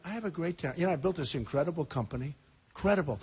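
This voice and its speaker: A man in his sixties giving a rambling, emphatic campaign rally speech in a packed high school gym, repeating his points and talking straight to the crowd. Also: lively intonation, very fast, slight background noise. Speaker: political candidate.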